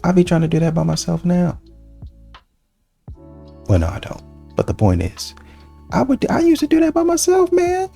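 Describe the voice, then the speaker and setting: A man reacting to clips in a laid-back, slangy way, his voice gravelly and mellow. His pitch swings animatedly as he comments. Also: huge pitch swings, normal speed, long pauses, soft background music. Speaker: reaction host.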